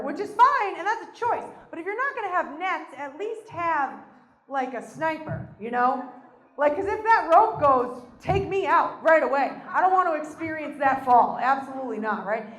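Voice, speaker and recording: A woman with a high voice works a stand-up set on a live stage. She tells her story in a self-deprecating way and acts out the quotes. The mic picks up a roomy echo from the venue. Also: lively intonation, fairly quick, a bit bright. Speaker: stand-up comedian.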